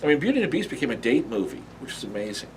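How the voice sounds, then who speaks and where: A man being interviewed, telling animation stories in a lively, casual way, often laughing and briefly acting out cartoon voices. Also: mid-range voice, very fast, slight background noise.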